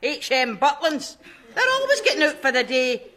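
An actress with a Scottish accent playing a bossy, sharp-tongued middle-aged mother in a sitcom, firing off quick comebacks. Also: sits high, sing-song.

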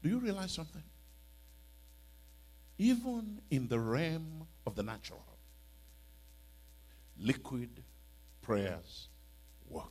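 A man's voice: fairly high pitch, sharp tone, breathy edge. A man preaching a church sermon as a bishop, pleading and emphatic, with many rhetorical questions.

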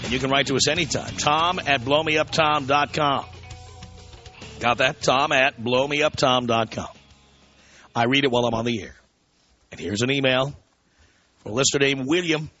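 A man's voice: medium pitch, moderate pace, pauses often, sharp tone, soft background music. A man hosting a talk radio show, brashly mocking callers and reading listener emails aloud. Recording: dull lo-fi radio broadcast.

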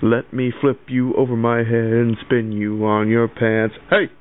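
Prank caller, a man, slow and crude, mocking a phone menu, tinny line with light hiss. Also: medium pitch, level tone, clear, resonant tone.

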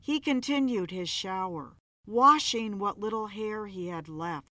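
A woman narrating a horror story in a slow, measured way for a podcast. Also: medium pitch, sharp tone, no echo.

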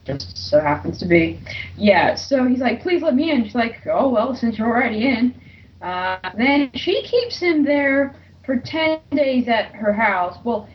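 A fairly high-voiced woman with a thick accent chats casually on a podcast, summarizing a comic. She hesitates, mumbles, and laughs things off. The audio is dull and lo-fi. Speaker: co-host reading a comic aloud.

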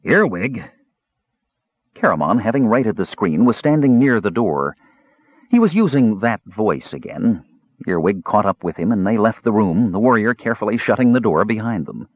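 A man narrating a fantasy audiobook in an expressive storytelling manner, in a dull, dry recording. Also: lowish voice, moderate pace, slightly rough, no room sound.

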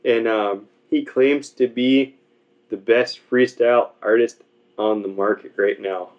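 A man's voice: medium pitch, steady tone, measured pace. A man joking crudely in loose podcast banter, full of swearing and wisecracks. His voice sits mid-range. The recording is dull and lo-fi. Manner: profane, joking, acts out voices in quotes. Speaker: podcast co-host. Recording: dull lo-fi sound.

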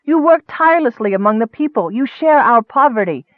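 An earnest, warm-hearted young noblewoman from a storybook, as a man reads her part. The voice sits well above his own and pleads with feeling. The sound is narrow and phone-like, dry and close. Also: lively intonation, moderate pace, dry recording. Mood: impassioned. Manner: raised pitch, pleading.

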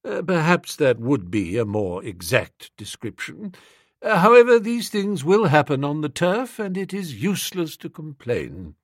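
A man voicing a dignified valet who speaks in a measured, formal, polite manner. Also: fairly high pitch, sing-song, no room sound, clean studio sound, full character voice. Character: deferential, composed male valet, dignified.

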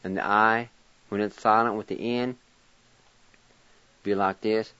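A man with a lowish voice teaches pronunciation at a very slow, careful pace, spelling each word out one letter at a time. He sounds patient and encouraging, and the recording is dry and a little dull, like an old radio studio. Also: steady tone, pushed and bright, clean tone, no room sound. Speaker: language teacher and radio host.

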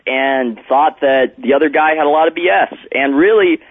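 A man's voice: a little high, moderate pace. A man calling in as a guest reporter on a radio show, talking with hesitant restarts and self-corrections. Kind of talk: radio phone interview. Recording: tinny phone line.

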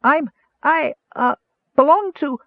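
A man voicing a frantic kender turned into a mouse, with a high, stammering squeak, on a tinny, dry recording. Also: takes it slowly, dry recording, exaggerated voice.

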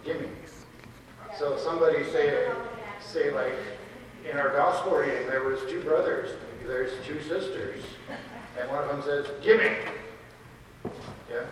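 A man's voice: fairly high pitch, steady tone, a little slow. A man giving a casual children's message in church, chatting and asking the kids questions as he goes. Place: church sanctuary. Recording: distant echoey church with background noise.

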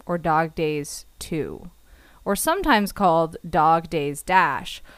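A woman's voice: low voice, animated, slow, dry recording. A woman co-hosting a casual podcast, reviewing an anime with playful sarcasm and frequent laughs. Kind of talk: casual chat.

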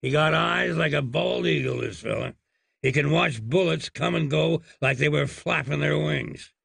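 A man voicing an excitable, dim-witted young cowboy who boasts in a folksy way. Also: a little high, moderate pace, vocal fry, breathy edge, dry recording, clean studio sound, heavily acted. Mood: eager.

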